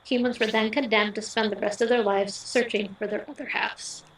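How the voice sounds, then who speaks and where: A young woman, the bride, reading her wedding vows in a heartfelt, earnest way, pausing between short phrases. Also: medium pitch, fairly even intonation. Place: wedding ceremony venue. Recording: echoey, picked up from a distance.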